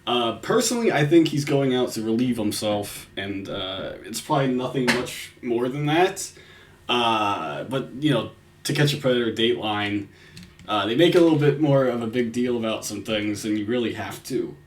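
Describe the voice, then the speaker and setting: A man's voice: mid-range voice, expressive, moderate pace, a little hiss or hum. A man giving crude, casual reaction commentary from home, swearing and laughing often.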